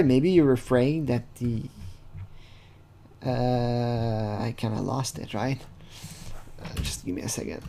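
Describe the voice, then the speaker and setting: A man's voice: a little high, darkish tone. A man hosts a casual commentary, talking through a text in a rambling, hesitant way. He swears freely and fills gaps with "uh" and "like". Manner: rambling, profane, hesitant with fillers. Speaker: channel host.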